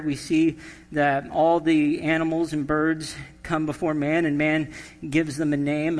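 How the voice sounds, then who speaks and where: A man's voice: a little high, big-room sound. A man preaching a sermon as pastor, conversational and humorous, reading scripture and telling stories.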